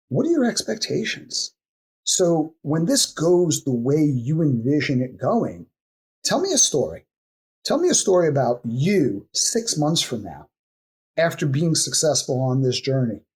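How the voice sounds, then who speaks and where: Very husky man with a lively voice. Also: fairly high pitch. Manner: teaching by firing off strings of coaching questions; acts out client replies in quick asides. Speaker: coaching expert guest. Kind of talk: podcast interview explanation.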